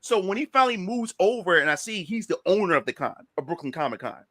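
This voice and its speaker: Profane, animated man telling a story. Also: sits high, fast talker, no room sound. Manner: animated, profane retelling of a confrontation, acting out quotes. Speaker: podcast guest. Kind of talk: casual storytelling.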